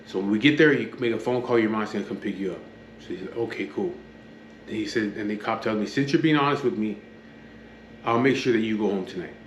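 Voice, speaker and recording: A man's voice: fairly low pitch, fast. A man from the Los Angeles area, casually telling his own story in a blunt, profane, matter-of-fact way, acting out what others said in his own voice. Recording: echoey room with faint background hum.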